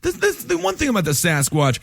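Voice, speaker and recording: A man's voice: high voice, brisk, gravelly, husky, dry recording. A man co-hosting a podcast, chatting casually and firing off crude, teasing jokes. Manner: crude wisecracks, lively teasing. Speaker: podcast co-host. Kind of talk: casual chat.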